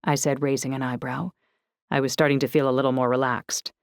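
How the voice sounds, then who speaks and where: A woman narrating an audiobook in the first person, steady and descriptive. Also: a bass voice, fairly quick, no room sound, clean studio sound.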